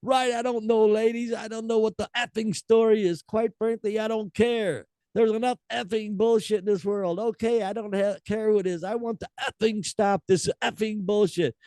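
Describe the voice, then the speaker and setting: An older man mimicking a furious shrill woman singer. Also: steady tone, moderate pace, few pauses, mellow, clear, resonant tone, no room sound, clean studio sound. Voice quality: shrill, swearing. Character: furious woman rock singer scolding a crowd.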